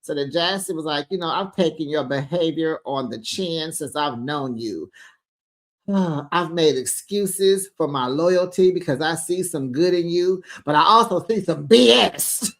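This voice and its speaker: A chatty host gives a casual recap of a reality show, acting out the cast's lines as she goes. The voice sits at a middle pitch, and she keeps calling listeners besties and honey. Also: measured pace. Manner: chatty, retells scenes acting out quotes.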